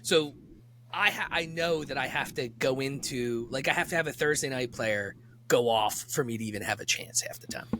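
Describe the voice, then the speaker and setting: A man co-hosting a podcast in casual chat, excitable and quick to laugh and curse. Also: medium pitch, slight background noise. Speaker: podcast co-host.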